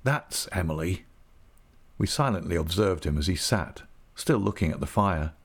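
A man narrating a classic novel in the first person, measured and even. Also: sits low, husky. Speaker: audiobook narrator.

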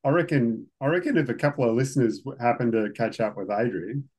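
An Australian man in a casual podcast chat who stumbles and repeats himself as he talks. He speaks at an ordinary pitch and keeps a relaxed tone. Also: fast, breathy edge. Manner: hesitant, repeats words. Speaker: podcast co-host. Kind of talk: casual chat over whisky.

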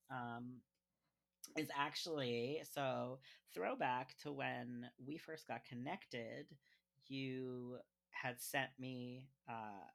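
A man's voice: mid-range voice, creaky, a bit bright. A man casually talking through a children's book review with lots of fillers, sometimes reading passages aloud. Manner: chatty, filler-heavy, reads aloud from a picture book. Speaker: podcast co-host reviewing children's books.

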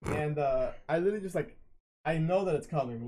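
A man's voice: on the high side, lively intonation, brisk, warm tone, poor audio. A young man casually telling a rambling, profane story, full of fillers. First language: not English.

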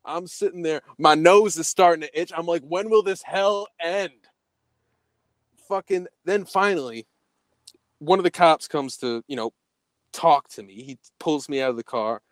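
A young man telling a story in casual podcast chat, profane and animated, acting out the quoted dialogue. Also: a little high, normal speed, dry recording.

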